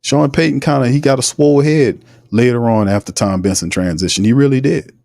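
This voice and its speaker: A man's voice: mid-range voice, a little fast, creaky, darkish tone, no echo, studio quality. A man hosting a sports livestream, ranting in a heated, repetitive way. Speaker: sports podcast host. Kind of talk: casual livestream commentary.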